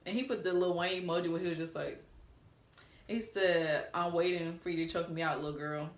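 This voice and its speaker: A woman's voice: on the low side, steady tone, brisk, reverberant. A young woman telling a casual story to viewers, reading out old texts with candid, cussing asides. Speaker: storytime vlogger.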